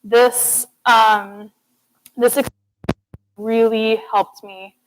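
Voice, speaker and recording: A young woman with a slightly high voice gives a student TED-style talk. She speaks earnestly and encourages the audience directly. She sounds like a presenter in front of a class. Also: little pitch movement, drawn-out words, a little hiss or hum, low-quality recording. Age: young adult. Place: classroom or lecture hall.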